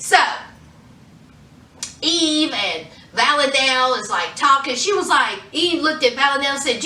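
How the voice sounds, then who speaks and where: Brief: animated woman reviewer, slow and unhurried, acts out the lines, bright tone. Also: sits high, roomy sound, distant mic. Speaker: TV show reviewer. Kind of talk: casual episode recap.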